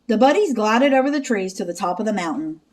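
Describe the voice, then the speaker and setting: Expressive woman teacher reading a storybook. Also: medium pitch, quick pace. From Texas. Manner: expressive read-aloud narration with sound effects. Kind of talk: reading a picture book aloud.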